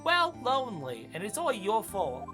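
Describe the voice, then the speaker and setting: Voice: wildly swooping pitch, normal speed. A streamer voicing a bubbly, teasing teenage girl in an exaggerated Brooklyn accent, reading game dialogue aloud. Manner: high and playful, teasing, stretched words. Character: bubbly teenage girl spirit medium, cheeky younger sister. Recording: game music underneath.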